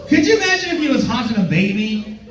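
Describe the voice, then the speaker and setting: A man performing stand-up on a club stage, his high voice bouncing all over the place. He rambles and trips over restarts as he jokes with the audience, and the sound is roomy, from a mic some distance away. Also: big pitch swings, fast talker. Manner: rambling, stammering restarts, playful crowd banter. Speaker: stand-up comedian headlining. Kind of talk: stand-up comedy set with crowd work.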